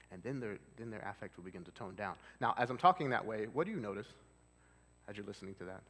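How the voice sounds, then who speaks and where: A man's voice: on the low side, animated, quick pace, a bit bright, slight background noise. Man, therapist, casual seminar talk, conversational, questions to audience, long church-hall reverb. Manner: conversational, asks the audience questions, loose with fillers. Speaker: marriage and family therapist giving a church seminar. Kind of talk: casual live presentation to an audience.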